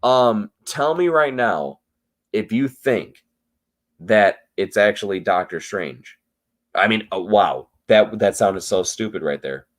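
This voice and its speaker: Tipsy man chatting loosely with viewers. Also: slow pace. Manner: loose, swearing, swings between low mutters and excited outbursts. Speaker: livestream host reading chat. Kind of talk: casual after-show chat.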